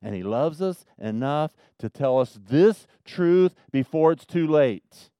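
A man preaching a sermon as pastor, swinging from loud emphasis to quiet asides. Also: a little high, lively intonation, slow, clear, resonant tone, no echo, clean studio sound.

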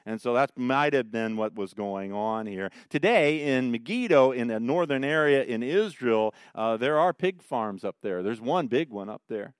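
A man's voice: mid-range voice, moderate pace, hardly any pauses, clear, resonant tone, no echo, clean studio sound. A man teaching a Bible study in a folksy, joking way, telling stories between verses. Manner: folksy storytelling with lively jokes. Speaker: pastor leading a Bible study.

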